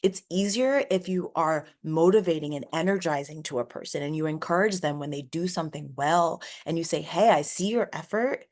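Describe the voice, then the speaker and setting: A woman's voice: deep voice, brisk, hardly any pauses, a little mellow. A woman hosting a solo motivational podcast, talking casually and earnestly with lots of "like" fillers and rambling asides. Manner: earnest and encouraging. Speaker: podcast host.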